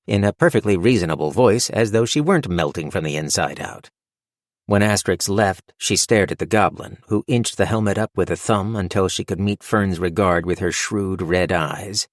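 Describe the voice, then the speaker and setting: A man narrating a fantasy audiobook in a measured, wry storytelling manner on a close mic. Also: low voice, no room sound. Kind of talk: scripted narration.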